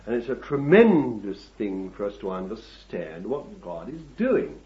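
A man preaching a sermon, with drawn-out emphatic phrasing and asides to the congregation that build to forceful preaching. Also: on the low side, big pitch swings. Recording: dull lo-fi sermon recording.

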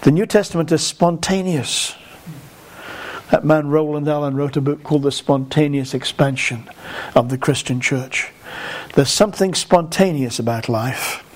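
A man delivering a sermon with a slightly raised pitch. He talks earnestly, repeats words as he goes, and slows right down to lean on key phrases. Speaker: preacher.

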